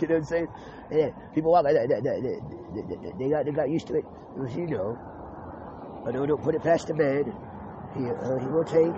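A man in a rambling spoken monologue who repeats words, restarts often and swears freely. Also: mid-range voice. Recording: muffled lo-fi with clear background noise.

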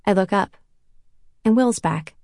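Brief: woman audiobook narrator, wry, self-conscious first-person read, mid pitch, dry close sound. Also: a little slow, a little mellow, no room sound.

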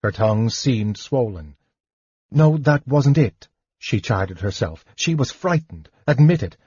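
Measured male narrator, husky, dull dry recording. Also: medium pitch, animated, a little mellow, dry recording. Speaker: audiobook narrator. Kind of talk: scripted narration.

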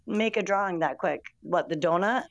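A young woman hosting a casual livestream chat from her phone, swearing freely, fumbling her words, her voice going raspy from talking so much. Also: fairly low pitch, moderate pace, no room sound, muffled recording. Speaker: livestream host.

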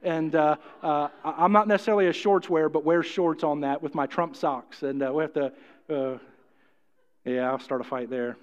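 A middle-aged preacher with a notably high voice delivers a folksy, joking sermon, repeating phrases and asking the room questions. His voice rings with a long hall reverb, and the recording sounds somewhat dull and muffled. He talks like a pastor chatting with his own congregation. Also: fairly even intonation, moderate pace. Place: church hall.

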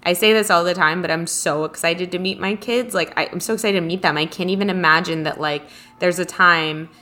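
A woman's voice: fairly low pitch, a little fast, pushed and bright. A young adult woman co-hosting a casual podcast chat, telling stories with lots of "like" and restarts. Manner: chatty storyteller, many likes and restarts. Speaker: podcast co-host.

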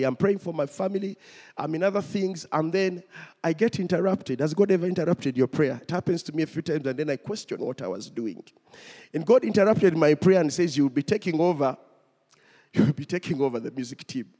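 A man's voice: fairly high pitch, dark tone. A man preaching a testimony sermon, telling his story and speaking directly to the congregation. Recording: long hall reverb.

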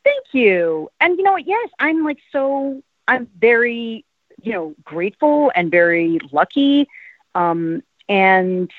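Speaking slowly but very animated, this fairly high-pitched actress wanders through a casual interview with plenty of "um" and "like." She's in her fifties and hails from South Jersey, USA. The audio has no echo and comes across dry and tinny, like a phone call.

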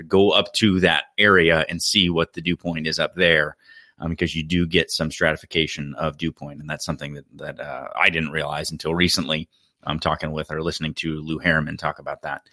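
A man's voice: low-pitched, little pitch movement, a little fast, sharp tone, dry recording, clean studio sound. A man who works as an HVAC contractor, talking through technical points on a podcast in a practical, explanatory way and correcting himself as he goes.

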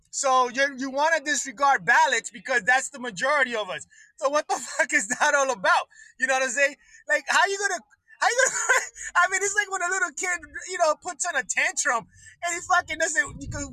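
Man, livestream rant, profane, keeps laughing, very high voice, dry close sound. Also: a little fast, no echo, poor audio. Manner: swearing, laughing between lines, excitable. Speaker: livestream host.

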